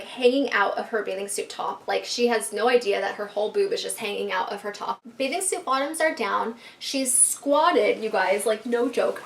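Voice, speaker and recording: A woman vlogger telling a casual storytime to her viewers, animated, full of fillers and swearing. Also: on the high side.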